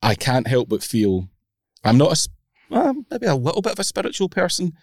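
A man's voice: medium pitch, wildly swooping pitch, a little fast, darkish tone, no room sound, studio quality. A Scottish man hosting a sports podcast, talking casually with a self-deprecating, laughing manner. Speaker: podcast host.

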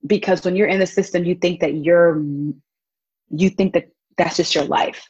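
Speaking at a normal speed in a slightly rough, low-leaning voice, this young volunteer child advocate recounts stories during a relaxed interview. She brings quotes to life with animated delivery and laughter; the recording is dry and missing its high end.

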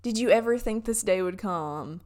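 A woman's voice: mid-range voice, normal speed, a little mellow. A young woman with a Southern US accent, chatting casually in a vlog and telling stories with lots of fillers.

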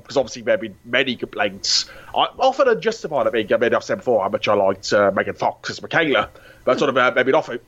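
A man's voice: mid-range voice, a bit bright, muffled recording. A man co-hosting a casual film chat, wry and dry-humoured, tripping over his starts. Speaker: podcast co-host. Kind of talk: casual chat about films.

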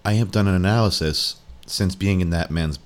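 A man voicing a calm, matter-of-fact talking smartphone in a slow, lowered, quiet delivery. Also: close to an everyday voice. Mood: deadpan.

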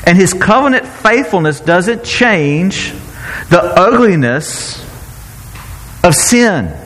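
A man preaching a sermon in an animated, playful way, often breaking off and restarting his sentences. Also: sits high, slow, in a large hall, low-quality recording. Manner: animated, self-interrupting, playful asides. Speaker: pastor.

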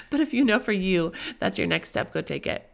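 A woman's voice: medium pitch, lively intonation, moderate pace, vocal fry. A young woman hosting a casual faith-based podcast, chatty and rambling into tangents, her voice nasal and tired from a lingering cold. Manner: chatty, rambling into tangents, often asks "right?". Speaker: podcast host.

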